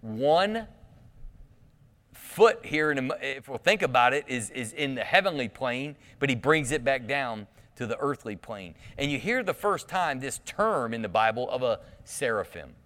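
A man's voice: medium pitch, expressive, unhurried, fairly bright tone, long reverb tail. A pastor preaching a sermon in a conversational way, asking the congregation questions and often restarting his sentences.

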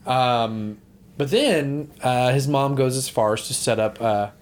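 A man's voice: medium pitch, unhurried. A young man co-hosting a casual movie podcast, rambling and swearing freely. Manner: rambling, swears, laughs often. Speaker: podcast co-host.

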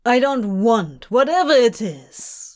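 A woman's voice: on the high side, sing-song, takes it slowly. A woman voicing a sullen, guarded male demon who speaks curtly and bitterly in a storybook reading. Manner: curt, bitter.

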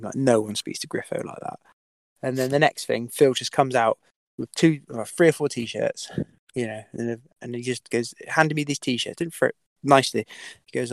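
A man's voice: medium pitch, brisk, vocal fry, no room sound. A man telling a story as a podcast guest, with many fillers, restarts and the odd swear word. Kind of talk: casual storytelling.

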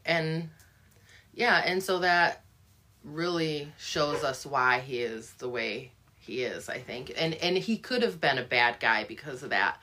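Low-voiced woman musing over a book. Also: bright, forceful tone. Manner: thoughtful, musing, many restarts and fillers. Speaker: book discussion co-host. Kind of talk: casual book discussion.

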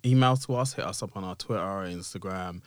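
A man's voice: deep voice, fast, dry recording, studio quality. A man co-hosting a casual podcast, earnest and careful, sometimes spelling things out. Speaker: podcast co-host.

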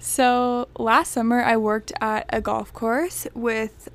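A woman's voice: on the high side, takes it slowly. Chatty young woman telling a story. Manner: animated storyteller, heavy use of "like". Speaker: podcast co-host. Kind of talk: casual chat.

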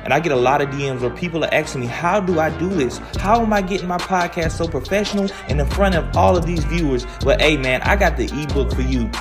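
Male podcast host cutting his own ad, punchy and hyped, a bit high, music under him. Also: fast talker, hardly any pauses. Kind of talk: podcast talk and ad read.

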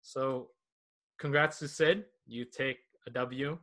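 A male podcast host with a bright, clear voice. He talks in a relaxed, rambling way and uses slang freely while he judges the panel. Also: mid-range voice, takes it slowly. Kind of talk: casual panel chat.

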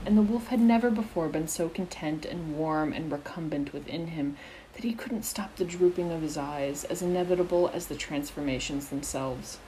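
A woman reads fan fiction aloud in a steady, expressive storytelling manner. Her voice is low and mellow, with a faint hiss behind it. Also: moderate pace, rough recording. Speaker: narrator.

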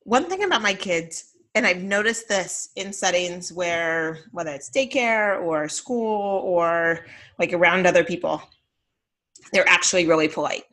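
Chatty bright-voiced woman podcast host. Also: lowish voice, measured pace. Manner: chatty, animated storytelling with many fillers. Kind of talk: casual chat.

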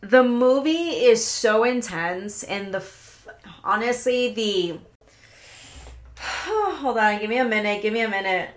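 A woman hosting a solo podcast, talking in an excitable, rambling way, swearing often, stopping herself and restarting, pacing as she talks. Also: fairly high pitch, takes it slowly. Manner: paces around while talking. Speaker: podcast host. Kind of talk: casual solo podcast rant.

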